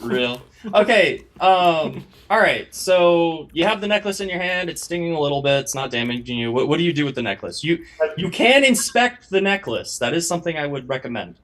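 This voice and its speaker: Halting young man running a tabletop game. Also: on the high side, sing-song, fairly bright tone. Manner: halting, repeats words when starting. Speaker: game master.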